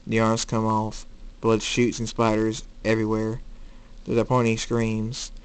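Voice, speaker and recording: A man's voice: fairly low pitch, completely flat delivery, measured pace, very noisy. Man reading a fan story aloud. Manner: plain reading, some restarts. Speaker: fan fiction reader. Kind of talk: amateur story narration.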